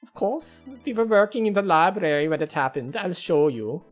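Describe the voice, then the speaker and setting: A gamer voicing a polite young female archaeologist in a high, prim put-on voice, reading lines from a point-and-click game. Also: sing-song, normal speed, dark tone, husky, faint music behind.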